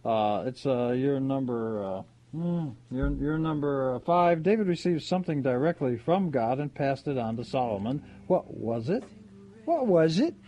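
A man's voice: mid-range voice, moderate pace, warm tone, dull audio. A man co-hosting a radio quiz show, hesitant and fumbling as he reads a question. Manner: hesitant, stumbling over words. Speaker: radio co-host. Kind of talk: casual radio banter.

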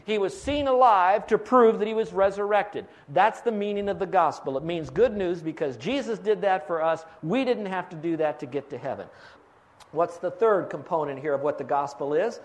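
A man's voice: high voice, moderate pace. A pastor preaching a sermon, explaining step by step and quizzing his congregation for fill-in answers.

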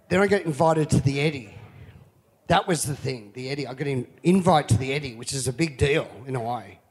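A middle-aged man, a former pro surfer guest, telling stories in a profane, animated way at a live event. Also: medium pitch, big-room sound. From Australia. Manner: swears constantly, acts out other voices. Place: live event before an audience.

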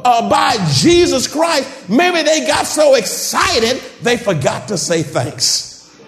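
A man preaching a sermon in a church, calling out to the congregation and rising to shouts. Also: very high-pitched, animated, takes it slowly, echoey room.

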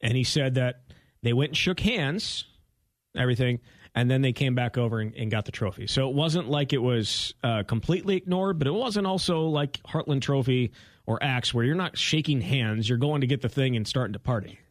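A man in his thirties co-hosting a sports radio show, sarcastic and animated, with lots of "like" and "you know". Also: medium pitch, normal speed, no room sound, clean studio sound. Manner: sarcastic, animated, talks in fillers. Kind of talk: casual sports radio chat.

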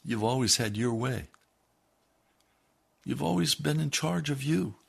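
A male pastor delivers a sermon, first reading from a book, then begging his listeners, dropping quiet and low before building to forceful, loud appeals. His voice is expressive and husky with vocal fry, and he's unhurried.

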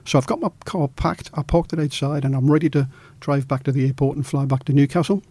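Dark husky-voiced male storyteller. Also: a little high, fast, no echo. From Australia. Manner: animated storyteller, acts out quoted dialogue. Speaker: journalist. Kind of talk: storytelling in an interview.

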